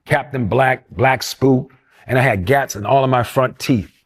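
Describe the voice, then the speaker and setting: A man's voice: mid-range voice, a little slow. A man, telling stories from his youth in an interview and acting out the voices of the people he quotes. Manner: animated storyteller who acts out quoted voices. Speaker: interview guest. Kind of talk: storytelling interview.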